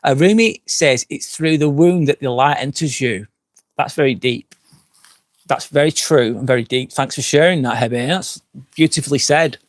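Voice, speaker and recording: A man's voice: mid-range voice, moderate pace, no echo. Tipsy man slurring on a livestream. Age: 40s. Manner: rambling and frank, swears often. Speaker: live-stream host. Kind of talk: casual live-stream chat, answering comments. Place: outdoors at night by a campsite fire pit.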